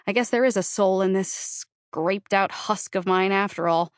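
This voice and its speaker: A woman's voice: medium pitch, normal speed, clean tone, dry recording, clean studio sound. A woman narrating a novel in the first person, with a wry, conversational, self-deprecating delivery. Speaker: audiobook narrator.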